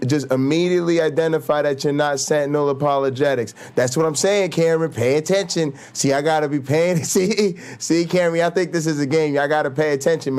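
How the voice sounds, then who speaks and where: A man's voice: fairly high pitch, a little mellow, clean tone. A man hosting a livestream, joking and talking straight to his chat in casual slang. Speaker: livestream host.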